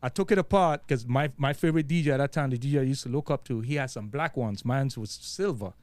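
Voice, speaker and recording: A man's voice: mid-range voice, fast, a little mellow, no echo. A man with a Virgin Islands accent talking casually as a guest DJ, loose and slangy, swearing freely. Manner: laid-back, street slang, frequent swearing and fillers. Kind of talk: casual interview chat.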